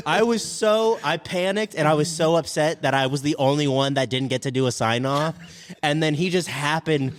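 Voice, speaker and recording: Man, podcast co-host, animated storyteller, fairly high voice, recorded outdoors at a park. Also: normal speed. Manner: animated storytelling, jumps high when excited. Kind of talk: casual comedic chat.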